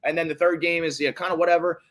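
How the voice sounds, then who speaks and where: A man co-hosting a sports podcast, talking in a casual, profane, animated way and laughing often. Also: fairly high pitch, racing. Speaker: podcast co-host.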